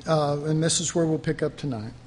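A man preaching a fervent sermon, swinging between loud outbursts and quiet asides. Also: a little high, normal speed, long reverb tail, slight background noise.

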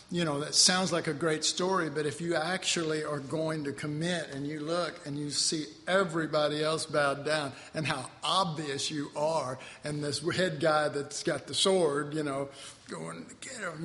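A man's voice: fairly high pitch, a bit bright, big-room sound, slight background noise. A man preaching a conversational sermon in a folksy way, chuckling and acting out voices from the story. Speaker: pastor.

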